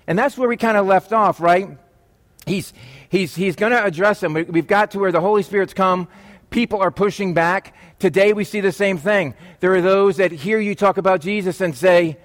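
A man's voice: high-pitched, brisk. A man preaching a conversational sermon as a pastor, with chatty, joking asides to the congregation.

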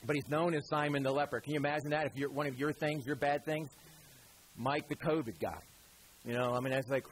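A preacher with a high, husky voice delivers a relaxed, conversational sermon. He talks straight to the congregation and tosses in quick asides. He slips into little acted voices when he quotes people. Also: rough recording. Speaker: pastor.

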